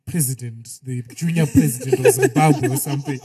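A man's voice: mid-range voice, a little fast, a crowd in the background. A man co-hosting a podcast, chiming in with short quips. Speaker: podcast co-host. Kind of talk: casual podcast chat.

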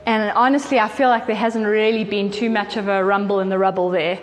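A woman preaching a sermon in an earnest, conversational way, with quick asides to her listeners. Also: medium pitch, fairly even intonation. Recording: faint hall reverb and noise.

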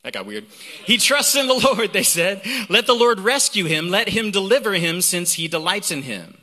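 Bright-voiced male preacher in a reverberant hall. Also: sits high, normal speed. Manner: animated, reads scripture aloud with emphasis. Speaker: guest preacher. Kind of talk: sermon with scripture reading.

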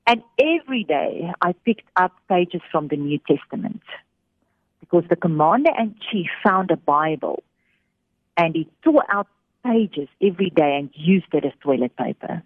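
A woman telling a faith story on the radio, animated, giving voice to the people in it. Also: on the low side, normal speed, dry recording. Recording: thin phone-like radio sound.

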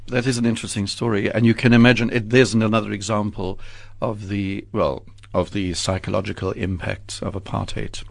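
A man's voice: fairly low pitch, little pitch movement, brisk, gravelly, no echo. A man hosting a music radio program, interviewing a guest with polite, curious follow-up questions. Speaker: radio show host. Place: radio studio. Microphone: studio microphone.

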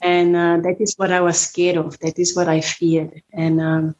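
A middle-aged woman recounts a painful personal story. Her voice sits low and stays fairly flat in pitch. She speaks haltingly, with fillers and repeated words. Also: lo-fi sound. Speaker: survivor guest. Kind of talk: emotional personal testimony.

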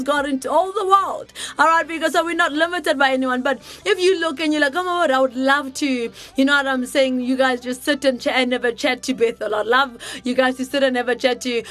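A woman hosting a Christian radio show, talking with animated energy and answering her own rhetorical questions. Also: sits high. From South Africa. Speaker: radio host.

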